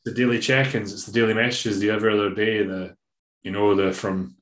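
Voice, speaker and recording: A man's voice: lowish voice, level tone, a little fast, a bit bright, reverberant. A Scottish man, a bodybuilding coach, talking in a rambling, emphatic way in a casual podcast interview, now and then swearing. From Scotland.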